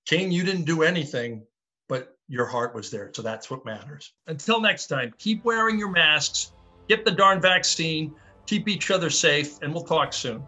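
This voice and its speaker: Bright-voiced male host signing off. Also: on the high side, lively intonation, normal speed, lo-fi sound, faint music behind. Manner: upbeat, wry closing remarks. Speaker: podcast host. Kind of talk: show sign-off.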